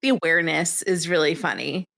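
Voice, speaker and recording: A woman's voice: low-pitched, brisk, vocal fry, fairly bright tone. A woman co-hosting a podcast in casual chat, jokey and profane, teasing her co-hosts. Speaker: podcast co-host.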